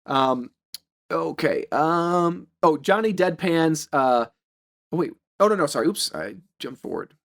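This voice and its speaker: A man's voice: a little high, expressive, a little slow, gravelly, a bit bright. A man co-hosting a podcast, recapping a film's plot in casual chat and slipping into silly voices for the quotes. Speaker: podcast co-host recapping a film.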